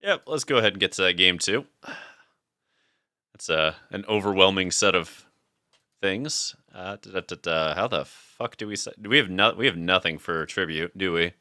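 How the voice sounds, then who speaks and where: A man's voice: low-pitched, lively intonation, moderate pace, pushed and bright, no echo, studio quality. A man streaming a card game match, chatting casually, thinking aloud and laughing often. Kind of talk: casual gaming chat.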